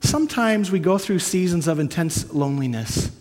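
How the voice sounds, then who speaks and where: A man's voice: sits high, animated, normal speed. Man preaching in an echoing hall. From Canada. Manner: earnest, storytelling, swings from hushed to emphatic. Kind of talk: sermon. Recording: long hall reverb.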